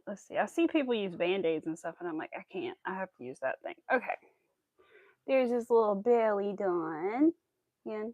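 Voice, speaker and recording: A woman hosting a casual crochet livestream, chatting to her viewers as she works and cooing at her cat in a high baby voice. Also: a little mellow, no room sound, highs cut off. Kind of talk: casual chat while crocheting.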